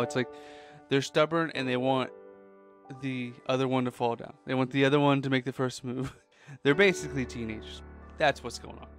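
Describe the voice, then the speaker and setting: A man hosting a podcast, pitching a sports film as a casual, animated story and tossing in quick quoted voices. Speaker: podcast host.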